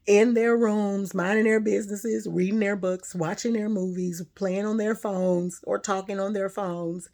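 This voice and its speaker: A woman telling a personal story in a casual monologue, loud and animated, laughing often. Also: mid-range voice, a little slow. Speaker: spiritual vlogger.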